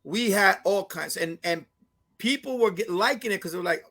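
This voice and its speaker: This Puerto Rican comedian and radio host from New York, speaking with a New York Puerto Rican accent, tells stories as a guest in a casual interview. His voice is high-pitched at normal speed, and he's animated and profane, dropping Spanish phrases and acting out the people he quotes.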